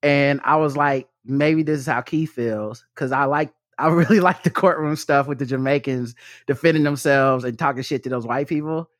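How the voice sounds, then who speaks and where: An American podcast co-host chatting casually, swearing freely and laughing through animated stories. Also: medium pitch, moderate pace, dry recording, studio quality. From United States. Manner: profane, laughing, animated storytelling. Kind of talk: casual chat.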